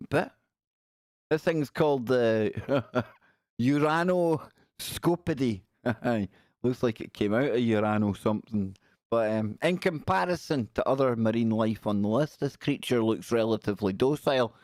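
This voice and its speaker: A livestream host chats casually and jokes, reacting aloud to pictures with quips. His mid-range voice is measured and a little mellow, recorded in a clean studio with no room sound.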